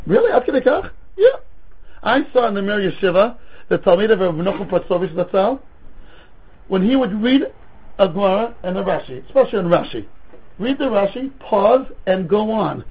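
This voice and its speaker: High-pitched, with a breathy edge and a slightly fast delivery, a male rabbi leads a Talmud class. His animated lecture leans on rhetorical questions and stories, his English laced with Hebrew and Yiddish terms; the recording is tinny and phone-like.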